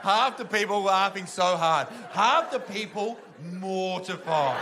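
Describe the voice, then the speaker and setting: A man doing stand-up, telling animated family stories and acting out the people in them. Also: sits high, slow pace. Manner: animated, acts out family members in loud voices. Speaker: stand-up comedian. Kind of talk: stand-up storytelling. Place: comedy venue with audience.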